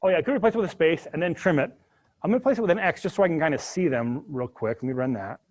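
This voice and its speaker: A man's voice: on the high side, very fast. A man teaching a live spreadsheet coding lecture to his students, talking through each step with jokey asides. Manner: animated, jokey asides while working through code. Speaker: university instructor.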